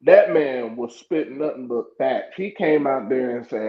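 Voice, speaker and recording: A man co-hosting a casual wrestling chat, animated and excitable, often slipping into impressions. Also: medium pitch, moderate pace, hardly any pauses, dull audio, crowd noise. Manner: excitable, animated storyteller who slips into impressions. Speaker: podcast co-host.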